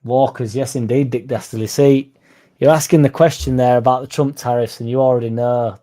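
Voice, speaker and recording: Bloke on a fan stream, warm mellow voice, rambles and swears reading the chat. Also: male voice, medium pitch, steady tone, brisk. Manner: rambling, swears casually, reads viewer comments aloud. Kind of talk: casual live-stream chat.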